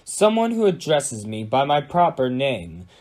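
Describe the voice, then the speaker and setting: A man's voice: mid-range voice, wildly swooping pitch, unhurried, darkish tone. A man reading a storybook aloud, voicing a mean, power-hungry female witch who taunts her foes in a raised voice. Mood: mocking. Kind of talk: amateur audiobook reading.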